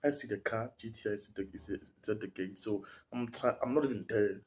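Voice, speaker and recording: A man's voice: lowish voice, fairly quick, a little mellow. A young man with a South African accent, telling a story in a casual podcast chat, full of slang and acting out the people in it. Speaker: podcast guest.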